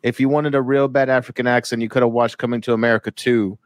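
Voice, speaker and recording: A man's voice: mid-range voice, flat delivery, fast, a little hiss or hum. A man co-hosting a casual wrestling podcast, ranting bluntly and swearing freely. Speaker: podcast co-host.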